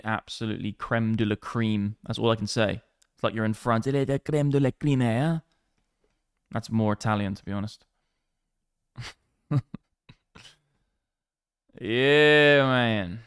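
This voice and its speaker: A man's voice: lowish voice, fairly bright tone, clear, resonant tone, no echo, studio quality. A man hosting a live crypto trading stream, chatting with swearing, hyped banter. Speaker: livestream crypto trader.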